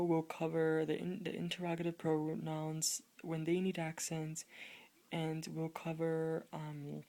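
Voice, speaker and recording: Low-pitched and mellow, this woman teaches Spanish in a relaxed video lesson. She says each example word over and over, then puts quiz questions to the people watching.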